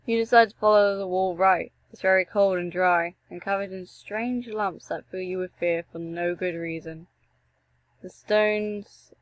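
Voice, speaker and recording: A young woman reading a text adventure game aloud and breaking off for joking, animated asides and the odd swear. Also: mid-range voice, dry recording, poor audio. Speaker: gameplay streamer.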